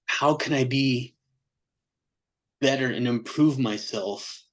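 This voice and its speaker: On a rough recording, a man speaks slowly in a mid-range voice. He's a metal band singer guesting on a podcast, casually telling a story full of slang and animatedly voicing what others said.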